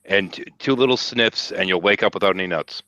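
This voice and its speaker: A man's voice: sits low, fairly quick, pushed and bright, no room sound. A man joking playfully in a casual group chat over a video call. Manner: playful, jokey. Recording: dry, dull call audio.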